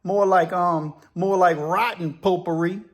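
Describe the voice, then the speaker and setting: A man's voice: high voice, fairly even intonation, a little slow. A man voicing an older black convict in his sixties, laid-back and slangy, joking with an old friend. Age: 60s. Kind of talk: storytelling with put-on voices.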